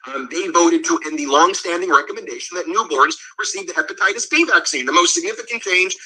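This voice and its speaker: A man reading out a news item in a halting way, with fillers. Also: sits high, bright, forceful tone, slightly rough, poor audio.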